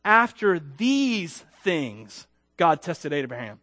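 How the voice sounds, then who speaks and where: A man preaching a sermon in a conversational, self-deprecating way, asking the congregation questions, with loud emphatic peaks and quiet dropped endings. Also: a little high, very animated, takes it slowly, no echo, clean studio sound. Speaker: pastor.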